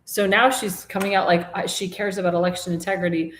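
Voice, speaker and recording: A woman's voice: medium pitch, steady tone, quick pace, a little hiss or hum. A woman hosting a live-stream talk show, chatting in a rambling, casual way and laughing at her own jokes. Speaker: host. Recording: echoey room.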